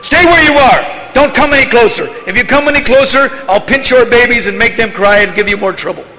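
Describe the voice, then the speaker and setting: A man's voice: extremely high pitch, animated, fairly quick, pushed and bright, faint music behind, voice pushed up, full character voice. A man doing a cheeky, defiant little boy. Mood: teasing. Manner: playful, indignant retorts. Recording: echoey hall, dull lo-fi sound.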